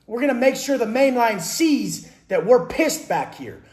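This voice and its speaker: A man's voice: very high-pitched, sing-song, unhurried, a little mellow. A man, a fitness and mindset coach, talking bluntly and profanely about life in prison, with hard emphatic delivery. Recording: roomy echo.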